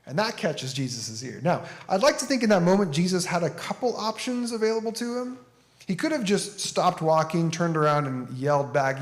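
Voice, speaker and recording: A man's voice: a little high, lively intonation, normal speed. A man giving a conference talk as an author and speaker, conversational and plain-spoken as he tells a story.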